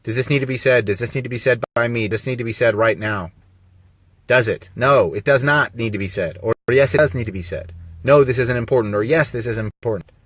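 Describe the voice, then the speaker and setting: Rambling and emphatic, this man fills his casual live-stream monologue with rhetorical questions. His mid-range voice sounds a bit bright, with no echo, picked up by a phone on a mobile connection.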